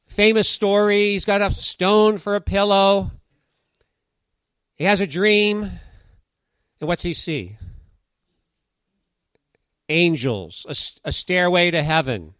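A man's voice: high-pitched, slow pace, long pauses, a bit bright, clear, resonant tone, dry recording. A middle-aged man giving a conversational sermon, reading scripture aloud and joking with the congregation. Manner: chatty, jokes with the congregation, reads scripture aloud. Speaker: pastor.

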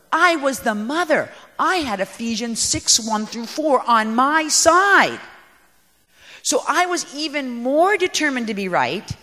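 A woman giving a talk on parenting to an audience, animated, emphatic and poking fun at herself. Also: high-pitched. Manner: animated and emphatic, self-mocking. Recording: echoey hall.

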